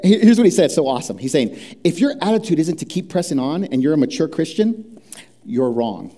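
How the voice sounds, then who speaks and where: A middle-aged man preaching a sermon, chatty and conversational, asking the congregation questions and sinking low and quiet when he speaks of prayer. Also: very animated, fairly quick. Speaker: pastor.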